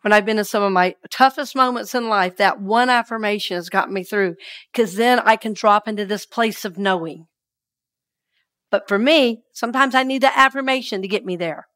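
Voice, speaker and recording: A woman minister delivering a sermon, moving between hushed scripture reading and lively call-and-response affirmations with her congregation. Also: medium pitch, moderate pace.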